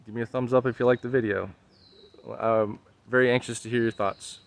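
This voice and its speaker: A man's voice: medium pitch, steady tone, a little fast. A man vlogging a casual, exasperated rant to camera, full of fillers and restarts.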